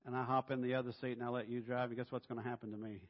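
A man preaching a sermon in a church, animated and playful, dropping to a hush and then rising loud. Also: mid-range voice, racing. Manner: animated and playful, swinging between hushed and loud. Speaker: pastor. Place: church sanctuary. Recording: reverberant hall, dull sound.

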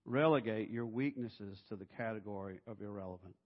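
A middle-aged man, a pastor, preaching a sermon in an animated, humorous way and acting out voices. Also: on the low side, brisk. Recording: dull sound in a reverberant hall.

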